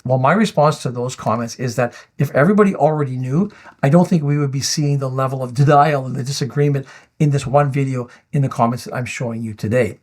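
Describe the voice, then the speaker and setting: A man at mid pitch explains market data to his viewers. He argues firmly against their comments, and he walks through each point in a steady, explanatory commentary style. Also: fast. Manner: firm, rebuttal-style, reading out viewer comments. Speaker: finance video host.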